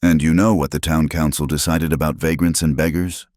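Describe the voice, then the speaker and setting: A man's voice: rumbling low, flat delivery, fairly quick, darkish tone, no echo, clean studio sound. A man voicing a bulky, cruel frontier sheriff who drawls. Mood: menacing.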